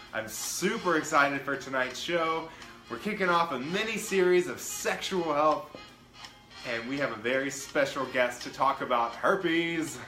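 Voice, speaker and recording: On poor, reverberant audio, a man with a higher, sharp-toned voice hosts his own livestream show. He keeps things upbeat and casual, greeting viewers by name as he chats.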